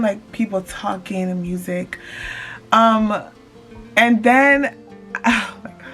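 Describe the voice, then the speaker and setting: A young woman vlogger telling an excited casual storytime straight to her viewers, calling them y'all. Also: medium pitch.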